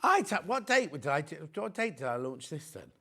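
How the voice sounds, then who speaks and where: A man's voice: fairly high pitch, big pitch swings, moderate pace, bright, forceful tone. A middle-aged man hosting a live shopping show, chatting and joking as he rambles into anecdotes between prices. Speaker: shopping channel presenter.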